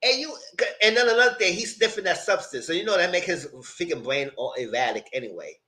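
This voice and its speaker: Reviewing reality TV live on his channel, this man is blunt, profane, and quick to laugh in a casual way. He sounds high, bright, and forceful, speaking expressively and briskly.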